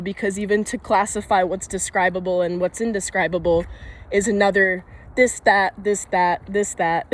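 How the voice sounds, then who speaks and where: A young woman vlogger with a medium-pitched voice talks to camera while walking in the woods. Her rambling musing drifts from thought to thought, with frequent laughter and casual swearing. The recording is rough.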